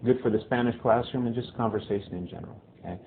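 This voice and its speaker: A male Spanish teacher giving a casual video lesson who often checks in with "okay?" and repeats phrases slowly. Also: medium pitch. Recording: tinny phone-like lo-fi audio with faint hiss.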